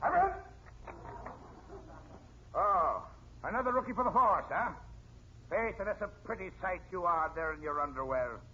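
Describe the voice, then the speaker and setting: A tough but soft-hearted Irish police captain with a lilting stage brogue. The voice sits high and leaps around in pitch. It comes from a dull, hissy old radio recording. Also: male voice, big pitch swings, moderate pace, pauses often, exaggerated voice. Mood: blustery. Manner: blustery, pleading, lilting brogue. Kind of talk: 1940s radio comedy acting.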